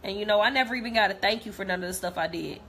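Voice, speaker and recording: Bright-voiced young woman, heated blunt rant. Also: medium pitch, rapid-fire, a little hiss or hum. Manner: blunt, repetitive, heated, profane. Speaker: vlogger. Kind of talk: direct-to-camera rant.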